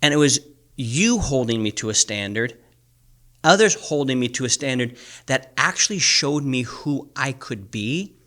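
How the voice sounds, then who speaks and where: A man's voice: medium pitch, expressive, a little slow, bright, forceful tone. A man in his forties co-hosting a podcast, ranting in a blunt, intense, profane way. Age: 40s. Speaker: podcast co-host. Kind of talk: ranting motivational podcast talk.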